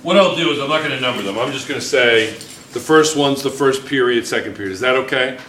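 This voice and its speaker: A man's voice: medium pitch, fast, fairly bright tone, far from the mic. A man teaching a chemistry class at the board, repeating himself and checking in with students. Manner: repetitive, checks in often with students. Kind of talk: classroom lecture at a whiteboard. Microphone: camera in the room. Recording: echoey classroom with faint room noise.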